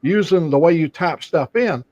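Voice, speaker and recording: A man's voice: fairly high pitch, expressive, normal speed, a little mellow, dry recording. An older man chatting casually as co-host, telling stories with many fillers and restarts. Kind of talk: casual chat. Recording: dull lo-fi sound.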